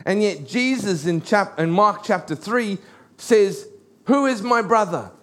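A middle-aged man preaching a sermon, animated and storytelling, slowing down to read scripture. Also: high-pitched.

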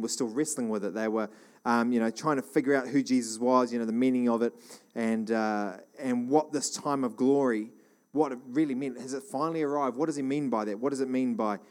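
A man preaching a sermon in a conversational, animated way, with many restarts. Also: on the high side.

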